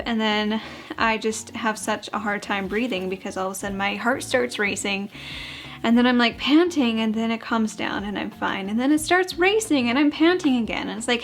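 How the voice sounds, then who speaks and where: A young woman gives a casual, candid vlog update, chatty and a bit out of breath. Her voice sits on the higher side, and soft music plays underneath. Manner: candid, chatty, with fillers and small laughs. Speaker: vlogger.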